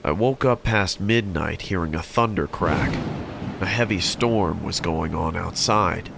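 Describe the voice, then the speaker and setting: A man reads a scripted horror story in an even, measured delivery. His voice sits very low with a gravelly edge, and steady noise runs underneath. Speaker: story narrator.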